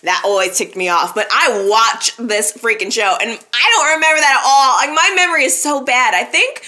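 A woman's voice: on the high side, moderate pace, sharp tone. A woman hosting a casual recap podcast, chatting animatedly and talking straight to her listeners. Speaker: soap opera recap podcast host.

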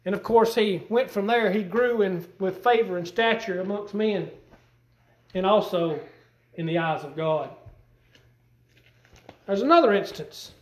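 A man with a strikingly high voice preaching a sermon in a folksy, emphatic way. His voice rises in bursts of emphasis. It rings out in an echoey church sanctuary. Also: measured pace, long pauses. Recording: echoey room.

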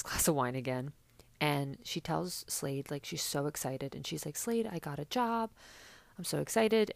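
A woman's voice: low-pitched, creaky, no room sound. A young woman chatting casually and sarcastically as a podcast host, with many fillers. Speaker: podcast host recapping reality TV. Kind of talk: casual chat.

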